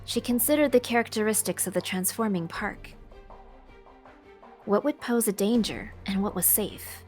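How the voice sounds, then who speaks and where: A woman narrates a game story on a live stream, reading in a steady, expressive way. Her pitch sits in the middle for a woman, and faint music plays behind her. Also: normal speed. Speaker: narrator reading a visual novel. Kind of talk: dramatic narration read aloud.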